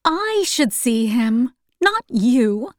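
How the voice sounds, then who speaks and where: A woman voicing a shy, earnest young woman, speaking quietly and sometimes near a whisper. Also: on the high side, sing-song, extremely slow, no echo, clean studio sound, pitched above the performer's own voice, heavily acted.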